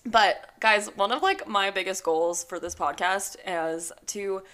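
A young woman co-hosting a book podcast in casual chat, bubbly and quick to laugh. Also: mid-range voice, fairly bright tone. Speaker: podcast co-host.

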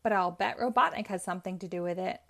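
A woman's voice: fairly low pitch, fast talker, creaky. A woman reading aloud and voicing a cocky young male hedgehog hero who talks in a confident, bold way.

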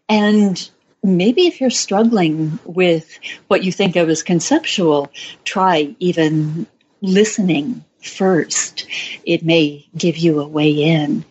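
A woman author answering interview questions in a reflective, measured way, with fillers and light laughs. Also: lowish voice, darkish tone, a little hiss or hum. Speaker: author and guest. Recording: slightly dull, lo-fi sound.

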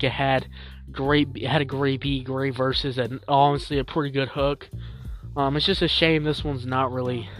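A man hosting a solo music review podcast, talking casually and rambling with lots of fillers and repeats, getting loud and animated at times. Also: on the high side. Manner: animated, jumps up loud when promoting.

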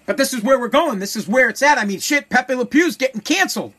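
A man's voice: very high-pitched, lively intonation, fast talker, sharp tone. A man hosting a show, delivering a heated, profane opinion rant and repeating phrases for emphasis.

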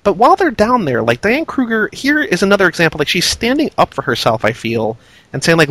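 A male co-host in a casual film-review chat, recapping the plot with animated storytelling. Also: sits high, a little fast. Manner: animated storytelling with acted-out quotes. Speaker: podcast co-host.

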